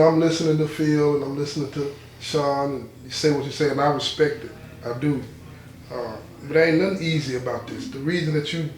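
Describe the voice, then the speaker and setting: Man hosting a support group. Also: a little high. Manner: relaxed, conversational, hesitant restarts. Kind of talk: group discussion. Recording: echoey room.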